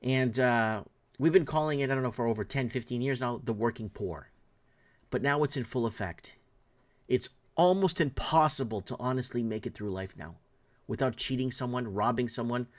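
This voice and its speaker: A man's voice: mid-range voice, normal speed. A middle-aged man, commenting in an impassioned rant, indignant and heated with frequent restarts. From Canada.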